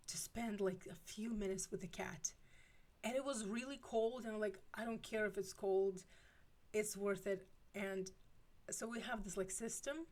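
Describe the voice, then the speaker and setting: A streamer in her forties chats casually with her viewers in a medium-pitched, slightly mellow voice. She rambles, full of filler words, restarts, and self-interruptions.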